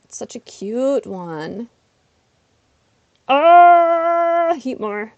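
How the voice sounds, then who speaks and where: A woman in the middle of a casual livestream, talking through her game at an ordinary pitch. Her voice is dry and close, with no room sound around it. She rambles in a chatty, self-deprecating way and keeps breaking into excited little outbursts. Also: normal speed, no echo, muffled recording. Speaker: streamer. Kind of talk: casual livestream chat while gaming. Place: her apartment.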